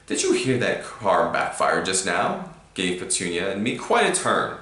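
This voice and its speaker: A man voicing a furious, bullying middle-aged uncle, snarling and barking with a croaky edge. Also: sits low, big pitch swings, a little slow, pushed and bright, exaggerated voice. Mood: falsely cheerful. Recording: roomy echo.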